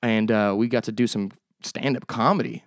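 Smooth-voiced young man rambling on a podcast. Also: lowish voice, steady tone, normal speed, no room sound, clean studio sound. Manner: rambling, profane, jokey. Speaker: podcast host. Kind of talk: casual solo podcast chat.

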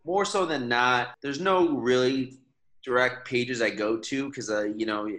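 A man's voice: mid-range voice, unhurried, fairly bright tone. A man from Michigan, a guest on a podcast, talking in an earnest, persuasive way with frequent restarts. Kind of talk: casual conversational interview.

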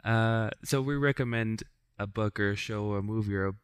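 Smooth-voiced laid-back male host. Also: lowish voice, normal speed, no room sound. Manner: laid-back, enthusiastic, swears casually. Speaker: podcast host. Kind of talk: casual chat.

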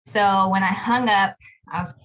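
A woman's voice: medium pitch, moderate pace, dull audio. A woman who owns a business, telling a story in a casual podcast conversation and quoting herself as she goes. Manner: storytelling, animated, quotes herself. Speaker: business owner, podcast co-host.

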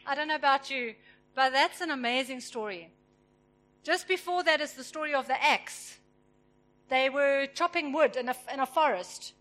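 A woman preaching a sermon, retelling a story and acting out its characters with lively emphasis. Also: high voice, a little slow, long pauses. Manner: animated, acts out the characters with emphasis.

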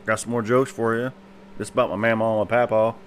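A man's voice: fairly low pitch, flat delivery, fast talker. A man hosting a joke podcast, telling jokes in a folksy, rambling way.

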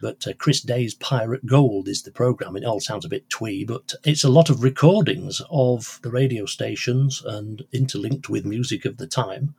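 A man's voice: medium pitch, moderate pace, gravelly, few pauses, a little mellow, breathy edge. An older man, a radio presenter and collector, telling rambling anecdotes in an interview with many restarts. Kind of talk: conversational interview storytelling.

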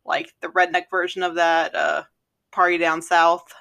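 Chatty bright-voiced woman podcaster. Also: lowish voice, little pitch movement, normal speed, gravelly. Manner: chatty, laughs often, fillers. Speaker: podcast co-host. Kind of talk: casual chat.

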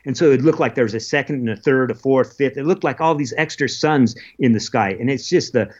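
A man telling the story of his expedition in an interview, earnest and halting, with many restarts. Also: medium pitch, a little mellow, highs cut off. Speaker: interview guest, polar adventurer. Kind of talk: casual recounting of an expedition.

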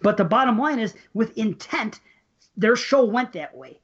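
A man's voice: high voice, lively intonation, normal speed, breathy edge. A man co-hosting a casual podcast, talking bluntly and swearing freely. He runs himself down. The audio is a little muffled and dull. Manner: blunt and swearing, self-deprecating. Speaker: podcast co-host. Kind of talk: casual chat.

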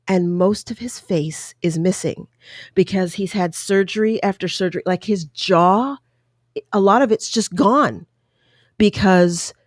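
A woman's voice: on the low side, a little mellow, dry recording, studio quality. A woman giving an impassioned, indignant opinion monologue, full of rhetorical questions.

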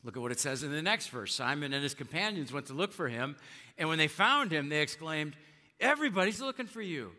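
A middle-aged male pastor preaching a conversational sermon, acting out quotes in lively voices. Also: on the high side, brisk, long reverb tail.

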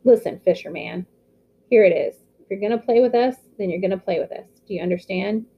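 A woman's voice: medium pitch, brisk, a little hiss or hum, natural voice. A woman reading aloud, voicing a tough, blunt teenage soccer captain, on a slightly muffled recording. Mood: serious. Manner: gruff and blunt, then dead serious. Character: tough teen boy, team captain, blunt.

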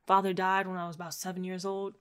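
A woman's voice: lowish voice, fast talker, clear, resonant tone. A woman co-hosting a casual chat, animatedly acting out characters' lines as she recaps. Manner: animated, acts out characters' lines while retelling. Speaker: podcast co-host recapping a TV show.

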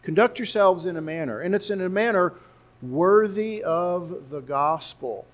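A pastor preaching a sermon, explaining Bible verses and Greek words and repeating key words for emphasis. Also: male voice, high voice, measured pace.

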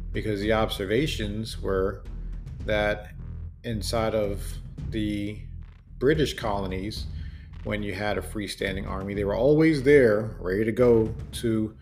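A man hosting a solo commentary podcast, talking in an earnest, deliberate way with fillers and self-corrections. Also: lowish voice, gravelly. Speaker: podcast host. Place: home in Germany.

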